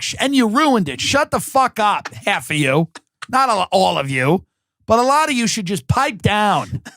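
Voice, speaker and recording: A man's voice: sits high, fairly bright tone, no echo. A man doing a profane, sarcastic comedic rant, mocking and swearing as he goes.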